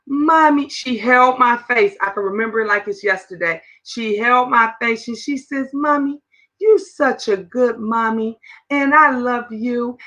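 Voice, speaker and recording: A woman in her fifties hosting a casual livestream chat, animated and talking straight to her viewers. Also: medium pitch, poor audio. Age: 50s. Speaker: livestream host.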